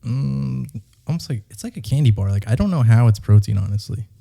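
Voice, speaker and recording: A young man co-hosting a podcast in relaxed, casual chat, easygoing and thankful toward listeners. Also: medium pitch, brisk, creaky. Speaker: podcast co-host.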